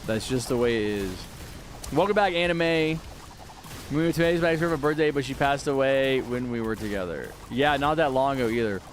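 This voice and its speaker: A man's voice: medium pitch, lively intonation, moderate pace, a little hiss or hum. A man from Texas streaming a game, chatting casually and answering viewer questions with plenty of fillers and restarts. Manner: rambling, answers chat questions with many fillers. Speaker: gaming livestreamer. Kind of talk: casual livestream chat while gaming.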